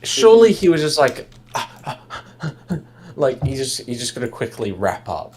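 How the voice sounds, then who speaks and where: A man's voice: medium pitch, very animated, a little slow, darkish tone, a little hiss or hum. A man in casual chat on a stream, joking, swearing and laughing often.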